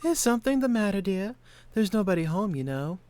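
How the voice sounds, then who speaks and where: Fussy old gossip neighbor, woman acting: soft, confiding, sing-song, game scene. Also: medium pitch, sing-song, brisk, lightly acted. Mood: gossipy. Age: older.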